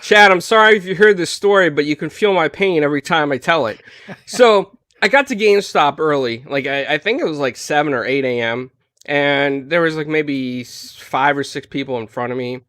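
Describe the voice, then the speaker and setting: Male podcast panelist, animated storyteller, fairly high voice, dry close mic. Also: moderate pace, no room sound. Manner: animated retelling with frequent "like" and "you know". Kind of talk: casual storytelling on a gaming podcast.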